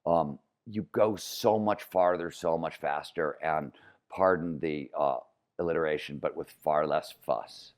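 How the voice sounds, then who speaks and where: A middle-aged man with a flat Midwestern American accent, an author speaking as a podcast guest and explaining ideas with energy and repeated phrases. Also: extremely low pitch, unhurried. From Cleveland, Ohio, US. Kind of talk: podcast interview.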